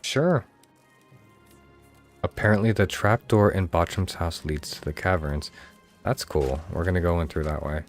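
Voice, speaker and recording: A man's voice: sits low, measured pace, long pauses, faint music behind. A man with a Mid-Atlantic American accent giving casual, chatty gameplay commentary as a streamer. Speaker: game streamer.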